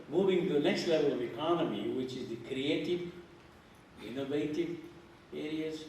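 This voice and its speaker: A man's voice: mid-range voice, darkish tone, slight background noise. An older man giving a conference keynote, emphatic and repeating phrases as he lectures. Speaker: keynote speaker. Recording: echoey hall from far off.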